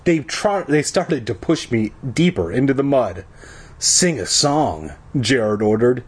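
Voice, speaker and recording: Man, slow husky storyteller, sarcastic and profane asides. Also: medium pitch, expressive, a little mellow. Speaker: reader. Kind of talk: comedic book reading with crude asides.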